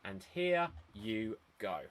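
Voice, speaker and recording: A man hosting an online improv show over a video call, brisk and chatty, laughing often. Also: fairly low pitch, sing-song, creaky, heavy background noise.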